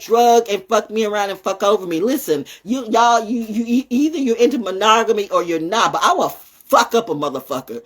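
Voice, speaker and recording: Husky, animated woman ranting on her show. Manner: blunt, profane, swings between loud outbursts and low muttering. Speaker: podcast host. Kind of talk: casual livestream rant.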